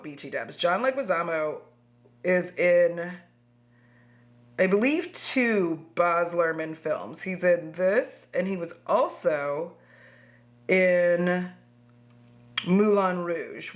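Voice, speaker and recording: A woman vlogging at home, chatting expressively while doing her makeup and swearing freely. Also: lowish voice. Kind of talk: casual chat to camera.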